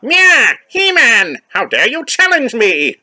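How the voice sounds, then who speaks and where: A man voicing a boastful, menacing skeleton villain from a comic in a high, shrill, nasal snarl. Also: huge pitch swings, takes it slowly, pushed and bright, heavily acted. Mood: furious. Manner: theatrical, gloating.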